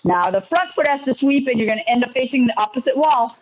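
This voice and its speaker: A man teaching a karate class online, giving brisk, encouraging commands. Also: very high-pitched, expressive. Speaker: karate instructor. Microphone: video call. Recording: lo-fi video call audio.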